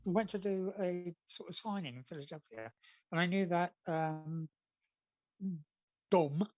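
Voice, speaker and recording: A man's voice: high voice, a little slow, dull audio. A man, a comic artist guest, chatting casually and telling rambling anecdotes, acting out what people said.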